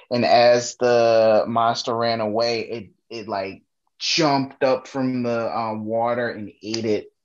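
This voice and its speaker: Easygoing man on dull lo-fi audio. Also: medium pitch. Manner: easygoing, with frequent agreeing murmurs. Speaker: podcast co-host. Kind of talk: casual chat.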